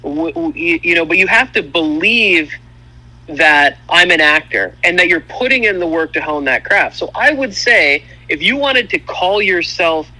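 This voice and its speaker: A man chats as a guest on a podcast and lays out his views earnestly. His voice sits slightly high and is very bright and forward. He talks in a loose, conversational way. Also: animated, moderate pace, low-quality recording. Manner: earnest, explanatory. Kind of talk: casual chat.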